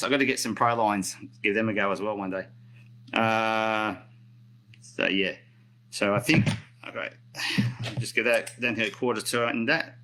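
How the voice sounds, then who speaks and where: Middle-aged Australian man, bright and forward tone, casual rambling live-stream host who self-corrects a lot. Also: on the low side, a little hiss or hum, poor audio. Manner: chatty, rambling, self-correcting, reads out viewer comments. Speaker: roller skate hobbyist demonstrating maintenance.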